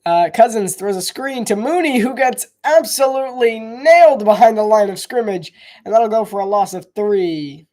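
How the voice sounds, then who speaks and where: This live sports commentator has a high, animated voice with a touch of mellowness and a moderate pace. He covers a football match in relaxed play-by-play, musing out loud, hedging, and frequently starting over.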